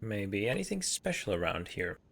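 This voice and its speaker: A man's voice: lowish voice, big pitch swings, moderate pace, gravelly, fairly bright tone. A man casually commentating on a role-playing game as he plays, musing aloud with many hesitations. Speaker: let's play host.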